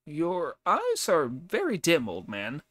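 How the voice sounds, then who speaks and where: A man reading an audiobook, voicing a boastful, cocky male monkey disciple in a raised, lively voice. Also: on the high side, slow pace, dry recording, voice pushed up, full character voice. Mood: mocking.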